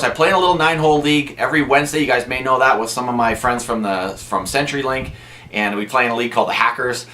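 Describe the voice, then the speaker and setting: A man with a voice of middle pitch works as a golf instructor and talks casually to his viewers. He chats his way through personal stories and often breaks off and restarts his sentences. He sounds like he is talking directly to the camera. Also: pushed and bright. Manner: chatty storytelling, frequent restarts.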